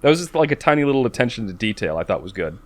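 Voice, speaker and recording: A man co-hosting a podcast, talking casually in a rambling, self-interrupting way with quick laughs. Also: mid-range voice, very animated, slight background noise. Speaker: podcast co-host. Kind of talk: casual chat.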